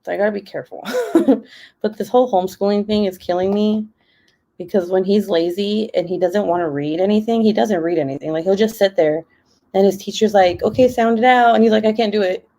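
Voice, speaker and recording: A young woman chatting casually on a home live stream, full of "like" fillers and quick laughs. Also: mid-range voice, mellow. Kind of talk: casual chat while crafting. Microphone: laptop.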